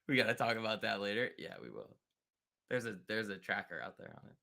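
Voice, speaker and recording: Animated, bright-voiced man trading live. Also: fairly low pitch, moderate pace, gravelly, long pauses. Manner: joking, chatty, reacting to chat and charts. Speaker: stock trading livestream host. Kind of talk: casual live market commentary.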